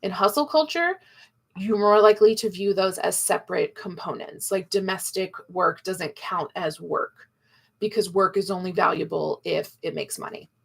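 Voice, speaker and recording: A woman's voice: on the low side, moderate pace, vocal fry, fairly bright tone, breathy edge. A woman teaching a live online class, playful and chatty, acting out quoted voices.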